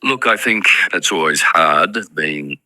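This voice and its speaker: Very deep-voiced man on a news interview. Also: animated, bright, forceful tone, dry recording, rough recording. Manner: measured, hedging with "I think" and "look". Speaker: political commentator.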